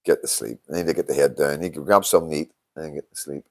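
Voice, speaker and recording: Older streamer with a very low voice, tired and sweary, chatting loosely to his viewers. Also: steady tone, racing. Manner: swears a lot, tired and yawning. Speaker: livestream host. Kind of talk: casual live-stream chat reading comments.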